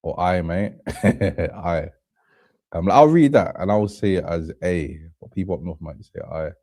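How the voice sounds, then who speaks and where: A man's voice: low voice, expressive, moderate pace, dark tone, husky, no echo, clean studio sound. A man in casual chat as co-host, agreeable and laughing often.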